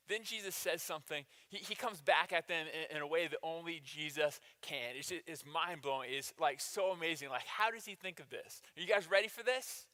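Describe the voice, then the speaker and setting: A high-voiced man gives a lively sermon in a church hall, with a bright, forceful tone. He jokes with the congregation and briefly acts out the people in the story. The hall adds a long, ringing reverb. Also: normal speed. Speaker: pastor.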